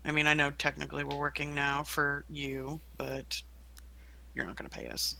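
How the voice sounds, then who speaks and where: A person playing a tabletop game, making dry, unhurried remarks. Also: mid-range voice, monotone, vocal fry, sharp tone. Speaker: player. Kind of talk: casual tabletop play.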